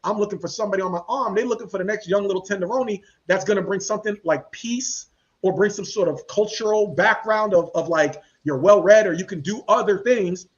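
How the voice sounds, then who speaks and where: A man hosting a podcast, talking in a casual, animated and slangy way and acting out the people he quotes. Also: high-pitched, fairly quick, muffled recording. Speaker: podcast host. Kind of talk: casual commentary chat.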